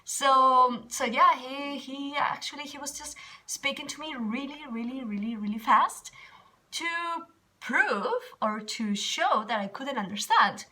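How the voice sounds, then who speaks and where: Spanish lady teacher vlogging in english, spanish accent, high bright voice, keeps laughing, says really really really. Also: unhurried. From Spain. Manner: animated, laughs often, repeats words for emphasis. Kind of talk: casual storytelling vlog.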